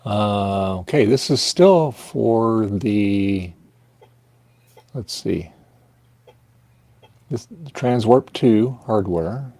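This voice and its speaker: A man hosts a live repair stream, chatting slowly and muttering to himself as he hunts for a manual. His voice is gravelly and husky, with a dark, relaxed tone. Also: on the low side, dry recording. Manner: slow, hesitant, muttering to himself while searching. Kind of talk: casual live-stream chat while working.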